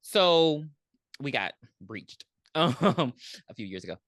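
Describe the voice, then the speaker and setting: Low-pitched woman podcaster, super expressive, dry close sound, retelling a movie. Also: takes it slowly, no echo. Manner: animated storytelling, acts out characters, frequent ums. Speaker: podcast co-host. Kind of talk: casual movie recap chat.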